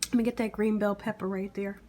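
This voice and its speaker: A woman hosting her cooking channel, tasting her food on camera with long humming sounds and sometimes dropping into an excited whisper. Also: medium pitch, slight background noise. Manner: savoring with long humming "mm"s, drawn-out and slow.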